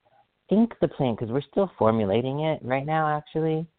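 A man hosting a solo podcast, chatting casually in an excitable, rambling way and often apologizing for going off track. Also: a little high, normal speed, no room sound. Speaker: podcast host. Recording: dry, phone-like sound.

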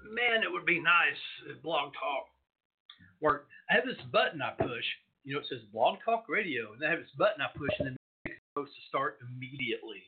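On a tinny phone-line recording, a man hosts an internet radio show alone, rambling off on tangents and packing his talk with fillers. His voice runs fairly high and lively, at an ordinary pace, with a breathy edge.

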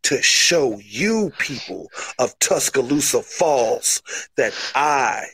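A man's voice: mid-range voice, expressive, takes it slowly, a bit bright, breathy edge, dry recording, full character voice. A man playing a cocky, self-hyping wrestler, delivering an overblown mock-serious promo.

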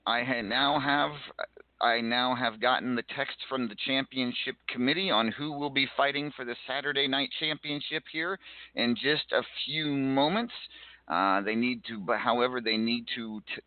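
A man hosting an online wrestling show, announcing in a halting way and stumbling over his words. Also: medium pitch, steady tone, no room sound. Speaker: host. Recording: dry, tinny phone-like line.

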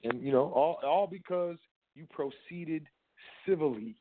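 A man's voice: fairly high pitch, measured pace. Emphatic man over phone-like audio. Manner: conversational and emphatic, with repeated filler phrases. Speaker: podcast host. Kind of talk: casual instructional talk. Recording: phone-like narrow band audio.

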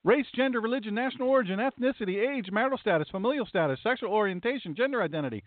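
A man's voice: sits high, expressive, rapid-fire, no echo. A man, a pastor doing political commentary, reads legal text aloud with emphatic, indignant asides. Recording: tinny phone-like dry sound.

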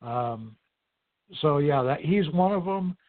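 A man's voice: on the high side, lively intonation, slow. A man investigator answering interview questions in an easygoing way, with short agreements and some hesitation. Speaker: paranormal investigator guest. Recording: tinny phone line.

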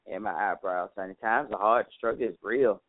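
A man's voice: lowish voice, a little fast, dry recording. A man hosting his own talk show in a casual, folksy monologue, chatting to listeners and calling them honey, a little tired. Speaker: show host. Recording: tinny phone-like line, dry.

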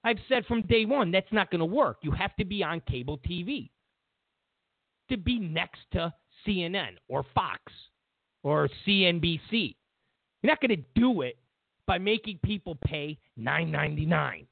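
A man delivers political commentary with a lively pitch that jumps all over the place, incredulous and repetitive. The sound is thin and phone-like, with a dry, close feel. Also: normal speed, gravelly, no room sound. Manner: animated, incredulous, repeats himself. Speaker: host.

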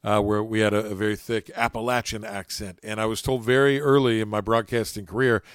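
A man's voice: lowish voice, fairly even intonation, a little fast, clean tone, dry recording, studio quality. A man from southern West Virginia hosting an interview podcast with a friendly, courteous broadcaster delivery. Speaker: podcast host.

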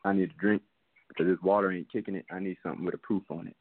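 A man's voice: low-pitched, steady tone, fast, no room sound. A man co-hosting a casual sports talk show from his basement, ranting heatedly. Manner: heated, ranting with rising emphasis. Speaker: podcast co-host. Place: home basement. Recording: tinny phone-line sound.

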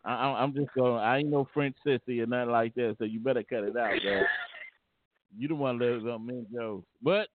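A man's voice: medium pitch, dry recording. A man hosting a casual call-in talk show, stammering and repeating words as he goes. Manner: halting, repeats words, laughs often. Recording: tinny phone-like line, dry.

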